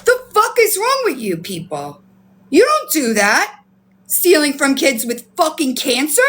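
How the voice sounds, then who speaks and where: Woman, live-stream host, outraged rant, frequent swearing, high voice, swooping pitch. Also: sing-song, measured pace, fairly bright tone. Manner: outraged, swearing, repeats herself in disbelief. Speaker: livestream host. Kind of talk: heated live-stream commentary.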